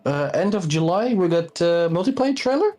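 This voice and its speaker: A man's voice: high voice, big pitch swings, moderate pace, darkish tone. A man from the Netherlands with a Dutch accent, telling a rambling anecdote on a live stream in casual chat.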